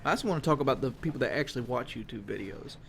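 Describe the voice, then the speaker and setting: A mid-pitched man talks through a casual monologue as a gaming commentator. He rambles frankly and swears casually. A faint hiss sits under the recording from a desk mic at home. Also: expressive, rapid-fire, gravelly.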